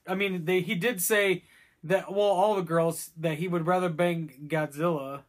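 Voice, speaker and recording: A man's voice: sits high, fairly even intonation, measured pace. A man chatting casually on a podcast, rambling and crude with lots of fillers. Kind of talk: casual chat.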